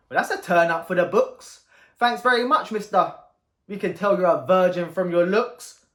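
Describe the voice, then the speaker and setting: A man's voice: high voice, moderate pace, fairly bright tone. A man in his thirties with a London Cockney accent, spitting a cappella rap battle verses in punchy, mocking trash talk. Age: 30s. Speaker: battle rapper. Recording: roomy echo.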